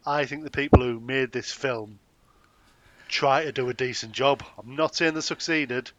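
A man's voice: medium pitch, normal speed, fairly bright tone, no room sound, highs cut off. A man co-hosts a casual podcast, chatting loosely about a film. He rambles, starts over mid-sentence and drops in cheeky jokes. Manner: rambling, self-interrupting, joking. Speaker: podcast co-host. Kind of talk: casual chat.

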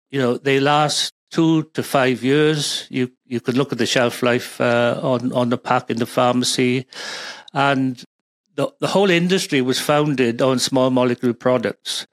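A man's voice: mid-range voice, no echo. Welsh man, rambling expert guest. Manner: rambling, with many fillers and restarts. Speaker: guest, pharma supply chain expert. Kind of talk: conversational interview.

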